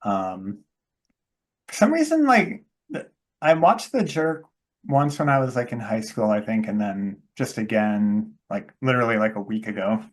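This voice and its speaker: On a casual movie podcast, a male co-host with a lowish voice rambles at a measured pace but sounds very animated. He uses plenty of fillers and acts out the lines of the scenes he retells.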